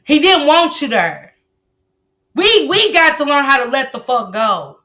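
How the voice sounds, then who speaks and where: A woman with a high-pitched, sharp, and very animated voice speaks at a measured pace as she hosts a casual livestream. Commenting bluntly on a viral clip, she preaches a lesson and swears freely.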